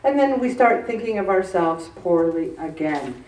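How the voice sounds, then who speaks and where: A woman's voice: on the low side, animated, moderate pace, a little mellow. Earnest woman talking in a roomy space. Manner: earnest, conversational, with many restarts. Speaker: host. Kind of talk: faith-based self-help talk. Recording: roomy, distant mic.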